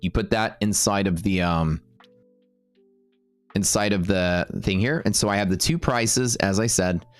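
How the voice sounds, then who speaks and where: A man's voice: on the low side, dry recording, faint music behind. A man teaching trading live on stream, casual and upbeat, chatting with viewers between explanations. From Texas. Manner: casual and upbeat, full of fillers and quick asides to chat.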